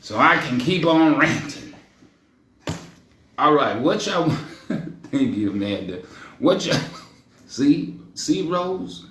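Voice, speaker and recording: A man's voice: on the high side, expressive, slow pace, long pauses, fairly bright tone. A man hosting a casual livestream, teasing his viewers and ranting with jokes and profanity. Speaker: livestream host. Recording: echoey room, faint noise.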